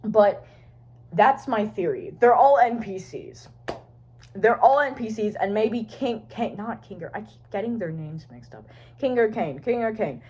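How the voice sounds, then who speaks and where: A woman's voice: mid-range voice, animated, a little slow, darkish tone, a little hiss or hum. A woman vlogger talking to her phone camera in a rambling, casual way, swearing and trailing off. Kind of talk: rambling casual fan chat.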